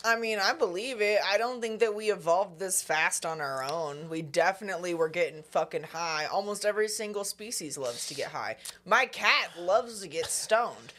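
A woman's voice: fairly low pitch, animated, a bit bright. A woman co-hosting a podcast, chatting casually in a playful, jokey way. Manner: playful, jokey, quick to laugh. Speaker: podcast co-host. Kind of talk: casual chat. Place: podcast studio.

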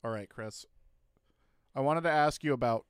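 Man, podcast co-host, profane comedic rants, sudden loud bursts, dry close sound. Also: mid-range voice, moderate pace, clear, resonant tone, dry recording. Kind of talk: casual comedic chat.

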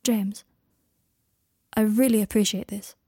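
A woman voicing a guarded, emotional young male wizard in a quiet, shaky, self-conscious way. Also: medium pitch, steady tone, unhurried, husky, no echo, studio quality. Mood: subdued.

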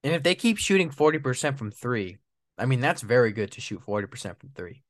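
A man's voice: mid-range voice, brisk, dry recording, clean studio sound. A man hosting a solo sports podcast, venting with frustration and repeating his points. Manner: frustrated, repetitive, animated complaining. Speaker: podcast host.

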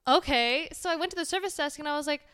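Animated young woman telling a story. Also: high-pitched, racing. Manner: animated, acts out quotes, swears casually. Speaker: podcast co-host. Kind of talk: casual storytelling chat.

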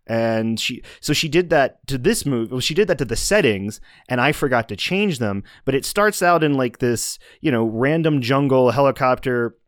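A man's voice: medium pitch, lively intonation, normal speed, few pauses, dry recording, clean studio sound. A man co-hosting a movie podcast, talking in a casual, rambling way with many restarts and asides. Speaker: podcast co-host reviewing movies. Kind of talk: casual chat.

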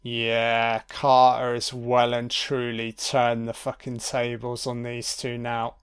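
A man's voice: mid-range voice, monotone, slow pace, clear, resonant tone. A man giving a casual, sweary and wry commentary over a film.

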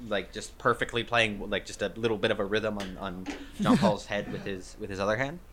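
A man's voice: lowish voice, brisk, a bit bright, slight background noise. A man narrating as game master of a tabletop game, rambling with filler words.

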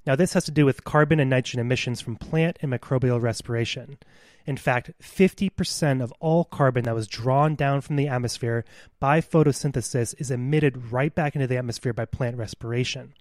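A man's voice: medium pitch, fairly quick, darkish tone, no room sound. Man explaining soil science, dry sound. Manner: earnest, lecturing with scientific detail. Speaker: podcast co-host. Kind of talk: explanatory podcast talk.

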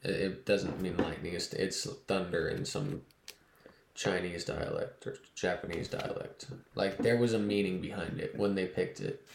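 A young man guest in a casual chat, relaxed and easygoing as he tells stories. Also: low voice, moderate pace, vocal fry. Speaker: guest, fighter. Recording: roomy echo, faint noise.

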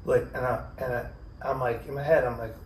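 A man spins a crude, lively story on a podcast and slips into voices for the people in it. He sits back from the mic in a roomy space. A faint hiss runs under his voice. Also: medium pitch, a little fast, recorded from a distance. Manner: profane, animated storyteller who acts out quotes. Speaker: podcast host. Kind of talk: casual storytelling.

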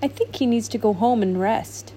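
A woman voicing a kind young girl who speaks gently and with care, as a storybook reading. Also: a little high, moderate pace, a little hiss or hum, natural voice. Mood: caring. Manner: gentle and caring. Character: kind, caring human girl.

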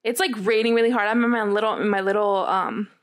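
A woman's voice: medium pitch, steady tone, quick pace. A young woman co-hosting a casual chat, telling a long story in a rambling way with many fillers and quoted lines. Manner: rambling, filler-heavy, quotes others a lot. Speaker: podcast co-host.

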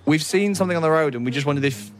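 A man's voice: fairly high pitch, very fast, soft background music, pitched above the performer's own voice, natural voice. A man voicing a muscular, menacing deserter soldier who threatens travellers in a falsely polite way.

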